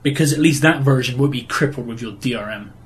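A man's voice: mid-range voice, fast talker. A man from England co-hosting a casual gaming chat, blunt and sarcastic as he rants about game publishers. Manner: blunt, opinionated, sarcastic ranting. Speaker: podcast co-host.

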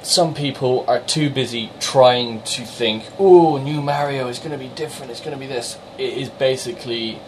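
A man's voice: mid-range voice, slight background noise, low-quality recording. A man with a Somerset accent co-hosting a podcast, chatting in a jokey way and reviewing games. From Somerset, England. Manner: chatty, jokey, quick to laugh. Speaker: podcast co-host. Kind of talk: casual banter and game reviews.

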